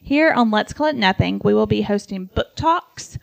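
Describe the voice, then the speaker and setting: A woman's voice: mid-range voice, animated, moderate pace, creaky. A woman in her twenties co-hosting a podcast, teasing and sarcastic in casual chat. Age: 20s. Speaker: podcast co-host.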